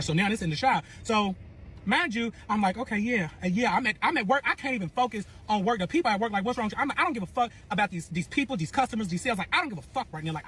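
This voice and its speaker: A man's voice: high voice, rapid-fire, a bit bright, slightly rough. A man telling a story in heated, profane bursts, repeating words as he talks. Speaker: storyteller in a clip.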